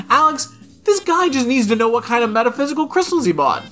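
A woman co-hosts a casual chat with a voice that rises and falls widely. When she reads listener posts or mimics someone, she jumps up high. Soft music plays behind her. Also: quick pace. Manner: animated, swoops high when reading or mimicking. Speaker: podcast co-host.

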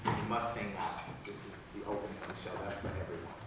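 Man director giving notes, halting, lots of noise and echo. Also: fairly low pitch, fairly even intonation. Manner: halting, restarts often, insistent. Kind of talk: rehearsal notes to a cast. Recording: echoey room, taped from far off, very noisy.

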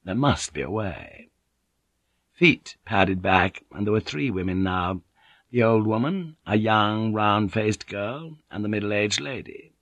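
A man reading a novel aloud as a narrator, measured and even. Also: on the low side, no echo, dull audio. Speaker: audiobook narrator. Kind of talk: scripted narration.

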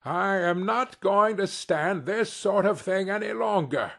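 A man's voice: high voice, lively intonation, unhurried, fairly bright tone, voice pushed up, full character voice. A man reading an audiobook, voicing an old man who plays stern and then turns hearty and generous. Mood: mock stern. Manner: gruff mock sternness turning hearty. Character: old man, reformed miser, suddenly jovial. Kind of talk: storybook reading.

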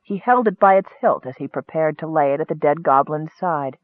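Casting: a male audiobook narrator, measured, slightly higher voice, tinny line. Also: lively intonation, no echo.

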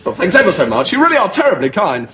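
Brief: a posh, gushing young lieutenant, high lively voice, hissy TV sound. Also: male voice, racing, crowd noise. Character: cheerful naive young male lieutenant, jolly and eager. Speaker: army lieutenant. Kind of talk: studio sitcom acting. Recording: hissy TV recording with noise. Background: studio audience laughter.

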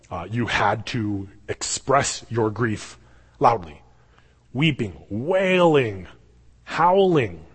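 A male pastor preaching a sermon, telling the story in a lively way and acting out the voices he quotes. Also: mid-range voice, breathy edge. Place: church sanctuary. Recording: long hall reverb.

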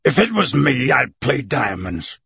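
A man's voice: mid-range voice, sing-song, measured pace, gravelly, highs cut off, over music. A man doing a sneering, brash colonel. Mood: scornful. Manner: sneering, annoyed. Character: brash vulgar quarrelsome male colonel.

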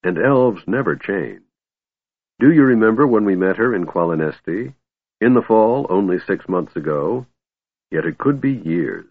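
A man voicing a gruff, snappish old male dwarf in an audiobook, proud and grumbling. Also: lowish voice, lively intonation, normal speed, no echo, narrow, tinny audio. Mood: somber.

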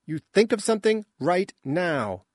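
A man playing a blunt, swearing male crewman who talks in gruff commands. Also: medium pitch, slow, no echo, clean studio sound. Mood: demanding.

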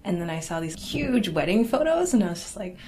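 A young woman telling a personal family story in a casual, halting way, full of "like" and "you know.". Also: on the low side, sing-song, mellow. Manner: casual, halting, lots of fillers and restarts; laughs wryly through awkward memories. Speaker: interviewee.

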